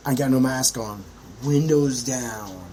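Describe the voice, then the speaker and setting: A man hosting his own podcast, ranting in a brash, profane monologue with sudden high yelps. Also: takes it slowly, warm tone, a little hiss or hum, poor audio. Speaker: podcast host.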